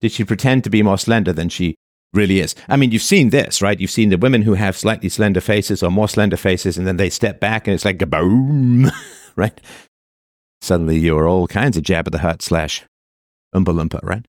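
A man's voice: low voice, a little fast, dry recording, clean studio sound. A man delivering a monologue of commentary in a sarcastic manner, now and then mocking the voices of the people he quotes.

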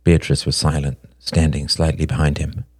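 A man narrating a story in a slow, solemn, measured way. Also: very deep voice, level tone, a little mellow, slightly rough, no room sound, studio quality. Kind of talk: storybook reading.

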